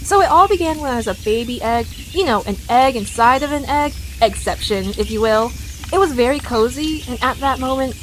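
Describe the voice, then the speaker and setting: A soft-spoken cartoon egg, played by a woman, who rambles through her own story and plays herself down. The voice sits very high and unhurried, content rather than loud. Faint noise hangs behind her. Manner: meandering, self-deprecating storytelling. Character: shy quiet egg character, content and low-key. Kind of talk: cartoon character monologue.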